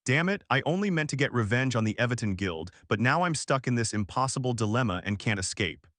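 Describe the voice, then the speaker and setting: A man's voice: medium pitch, animated, a little fast, a bit bright, no room sound, clean studio sound, natural voice. A man voicing a brash, flustered young male summoner in a fantasy story recap.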